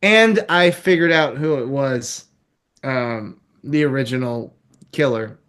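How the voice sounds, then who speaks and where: A man's voice: medium pitch, takes it slowly, fairly bright tone, smooth. A man reviewing a film in casual chat, rambling and chuckling as he talks.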